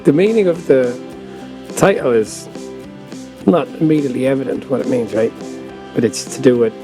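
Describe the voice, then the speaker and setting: A man's voice: medium pitch, expressive, moderate pace, music in the background. An Irish man co-hosting a casual chat podcast, rambling and self-deprecating, laughing often. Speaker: podcast co-host.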